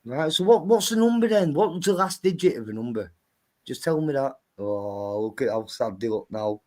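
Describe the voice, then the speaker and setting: A man's voice: medium pitch, lively intonation, normal speed, dark tone, no room sound. A man on a call-in stream, mocking and needling the other caller with sarcasm during a heated casual argument.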